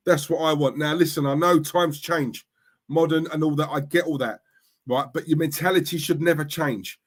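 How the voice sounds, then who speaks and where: Fired-up guy on a stream, middle-aged, keeps going "yeah? right?", fairly high voice. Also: fairly even intonation, moderate pace. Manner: fired-up, repetitive, asks "yeah? right?" constantly. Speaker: streamer, football fan. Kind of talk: livestream rant reading chat.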